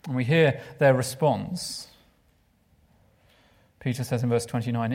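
A man preaching a sermon, expressive and asking his listeners questions, sometimes dropping to a hushed voice. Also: mid-range voice, fairly quick, breathy edge. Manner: expressive, drops to a hushed voice for emphasis; asks the listeners rhetorical questions.

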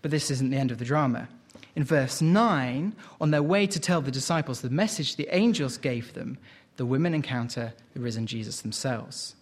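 A man preaching a sermon, expressive and questioning, reading scripture aloud and explaining it. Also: mid-range voice, normal speed.

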